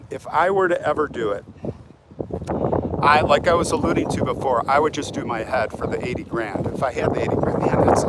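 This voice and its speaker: A vlogger walks through a cemetery holding his phone for a live stream, talkatively reading viewer comments aloud and answering them. His voice is on the high side, and the outdoor phone audio picks up wind noise.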